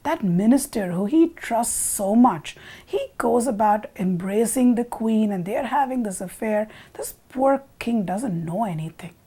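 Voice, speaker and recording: A woman's voice: a little high, expressive, measured pace, dark tone, slightly rough. A woman playing a sly muttering palace sweeper. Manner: muttering, feigning sleepy innocence.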